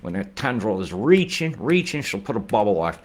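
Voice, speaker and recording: Male online forecaster, deep voice, rambling and excitable, swears freely. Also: quick pace. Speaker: weather forecaster. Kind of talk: casual forecast vlog.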